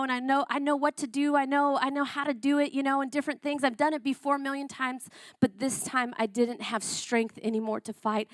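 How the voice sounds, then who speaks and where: High-voiced woman preaching a testimony. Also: dry recording, clean studio sound. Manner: emotional, conversational, repeats herself. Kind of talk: personal testimony sermon.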